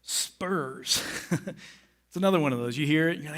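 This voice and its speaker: Middle-aged male pastor, higher-pitched, lively storytelling sermon from a church stage. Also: moderate pace. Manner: animated, acts out his own excited and lazy moods. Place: church stage before a congregation.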